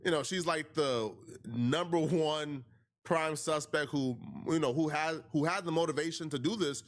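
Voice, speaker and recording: A man's voice: fairly high pitch, moderate pace. Man recapping gossip news casually. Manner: conversational, filler-heavy recap.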